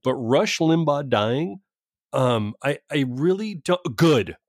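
A man in casual, profane political chat, animated and swearing freely. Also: fairly high pitch, no room sound, clean studio sound. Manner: animated, swearing, quick mock impressions.

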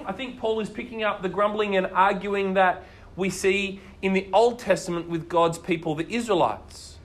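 High-voiced man preaching. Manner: animated storytelling, asks the listeners questions. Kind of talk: sermon.

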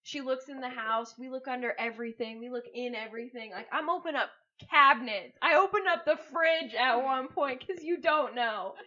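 Woman co-host, high bright voice, animated and laughing, lo-fi podcast sound. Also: a little fast, hardly any pauses. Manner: animated storytelling, frequent laughter. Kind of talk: casual chat. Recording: lo-fi podcast recording.

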